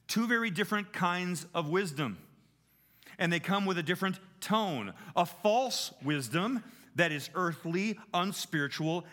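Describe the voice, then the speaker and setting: Animated, lively-pitched male preacher. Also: measured pace. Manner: animated, emphatic, shifting pace. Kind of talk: sermon.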